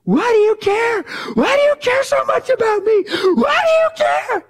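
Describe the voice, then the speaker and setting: A man voicing a distraught, crying young woman in a sermon story, high and tearful. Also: lively intonation, moderate pace.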